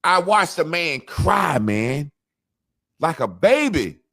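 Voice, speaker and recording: A man's voice: on the high side, slow pace, creaky, no room sound, studio quality. A man telling a long story in casual chat, swearing freely and acting out what others said. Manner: profane, animated storytelling, acts out quotes. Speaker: podcast co-host.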